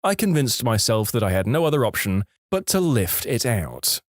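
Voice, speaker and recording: A man reading a story aloud as narrator, in a lively, expressive way. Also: mid-range voice, normal speed, dry recording, clean studio sound.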